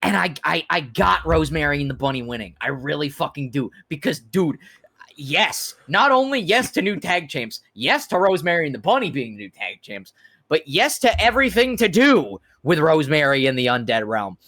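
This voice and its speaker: A young man co-hosting a podcast in casual chat, excitable and profane, going from loud enthusiasm to soft, teary talk. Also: on the high side, normal speed. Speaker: podcast co-host.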